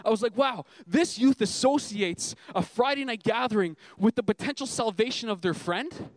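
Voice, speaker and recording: A man's voice: very high-pitched, moderate pace, no echo. A young man preaching a sermon as a youth pastor, earnest and emphatic, asking the congregation rhetorical questions.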